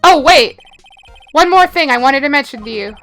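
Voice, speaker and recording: A woman voicing a gruff, blustering male police detective who calls everyone pal. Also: high-pitched, animated, moderate pace, fairly bright tone, faint music behind. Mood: bossy.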